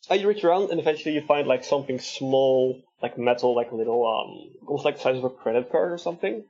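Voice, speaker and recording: A man narrating as the game master of a tabletop game, describing scenes in a halting way with many fillers. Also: mid-range voice, darkish tone. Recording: dull lo-fi sound with faint music.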